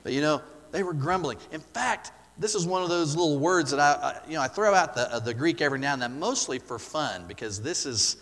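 A male pastor preaches with a lively, swooping voice that sits a little high for a man. He asks his listeners questions and hammers his points with repetition, dropping almost to a murmur and then rising again. A long reverb hangs behind him. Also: a little fast, hardly any pauses. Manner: rhetorical questions, emphatic repetition, wide swings in loudness. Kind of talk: sermon.

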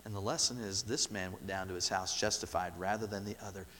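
A man preaching a sermon, asking the congregation rhetorical questions and repeating key words for emphasis, swinging from loud to soft. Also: sits low, fairly even intonation, quick pace, long reverb tail. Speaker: pastor.

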